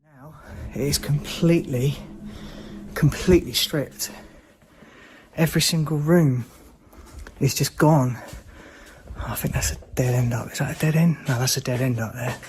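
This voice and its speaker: A young man vlogging alone through a stripped, empty building, who swears when scared and breaks into panicked shouts. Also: mid-range voice, unhurried, long pauses, slight background noise. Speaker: ghost-hunting vlogger. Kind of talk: first-person exploration vlog.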